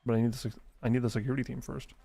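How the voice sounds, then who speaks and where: A man live-streaming a video game, ranting in an animated, exasperated way with lots of swearing, then muttering through menus. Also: medium pitch, rapid-fire, creaky, slightly rough. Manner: mutters menu choices under his breath while playing. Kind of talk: casual live-stream gameplay commentary.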